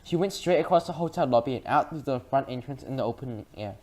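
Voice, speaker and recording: A reader narrating a children's book aloud in a lively way, with frequent slips and restarts. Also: medium pitch, fast talker.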